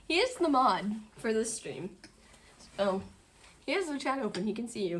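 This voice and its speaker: Here the dinner-stream host, a woman in her twenties, talks slowly at a medium pitch with big swings and frequent pauses. Chatting casually from home, she stays talkative and keeps laughing.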